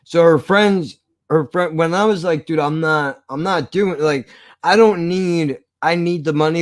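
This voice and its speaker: A man's voice: on the high side, a little slow, dry recording. A man casually telling a story from his past, swearing often and acting out the argument. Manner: profane, animated retelling.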